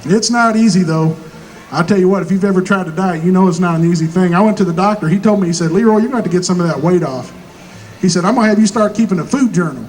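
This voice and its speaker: A man with a Southern rural American accent telling stand-up jokes in a folksy hillbilly drawl, acting out both sides of each exchange and landing punchlines deadpan. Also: sits high, quick pace, rough recording. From Missouri. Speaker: stand-up comedian. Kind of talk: stand-up comedy storytelling.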